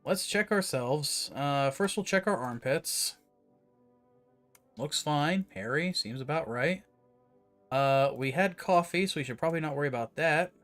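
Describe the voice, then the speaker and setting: A man's voice: on the high side, expressive, unhurried, a bit bright, faint music behind. A man streaming a game, commenting casually and rambling with fillers as he plays. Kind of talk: live gameplay commentary.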